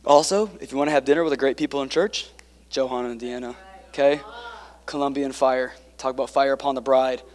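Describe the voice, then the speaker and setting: A man preaching a sermon, swinging between quiet, intimate passages and emphatic ones, with joking asides to the congregation. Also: medium pitch, big-room sound. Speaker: pastor.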